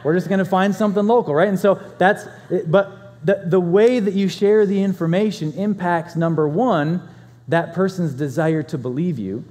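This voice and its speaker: Pastor, male, conversational sermon storyteller, loudness swings; slightly high voice, reverberant church hall. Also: moderate pace.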